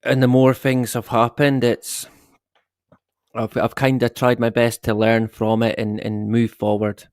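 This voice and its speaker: A man's voice: medium pitch, completely flat delivery, unhurried, darkish tone, clear, resonant tone, dry recording, clean studio sound. A middle-aged man hosting a casual live stream, rambling and swearing with the odd chuckle. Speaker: livestream host.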